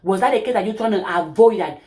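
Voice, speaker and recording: A woman's voice: medium pitch, fast talker, dark tone. A woman hosting her channel, giving an emphatic, preachy opinion monologue full of rhetorical questions, with non-native phrasing. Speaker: channel host.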